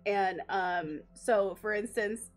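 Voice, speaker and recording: A woman's voice: medium pitch, slow pace. A woman guest explaining astrology in a casual chat, laughing often and using many fillers.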